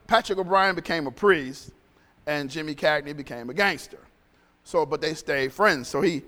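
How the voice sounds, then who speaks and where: A man's voice: fairly high pitch, fairly bright tone, in a large hall. A male pastor preaching a sermon in a conversational, storytelling way, often repeating phrases.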